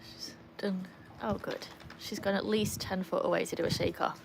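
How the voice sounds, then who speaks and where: A woman chatting casually on a livestream from beside a backyard pool, breaking into a high sing-song voice to praise her dog. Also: fairly even intonation, normal speed, gravelly, in a whisper. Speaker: livestream host and dog owner. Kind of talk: casual live chat. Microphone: phone.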